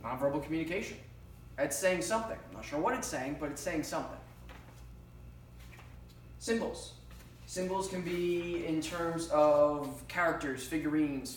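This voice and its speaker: A man teaching a class for emergency dispatchers, talking casually with lots of fillers and stories. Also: on the high side. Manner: conversational, uses many fillers and personal anecdotes. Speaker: trainer for 9-1-1 dispatchers. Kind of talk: classroom lecture. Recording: very echoey room, distant mic, faint hiss.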